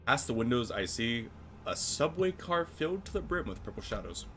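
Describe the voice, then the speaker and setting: A man's voice: medium pitch, very animated, normal speed, fairly bright tone, soft background music. A man streaming a story game, reading its text aloud and joking around with casual swearing.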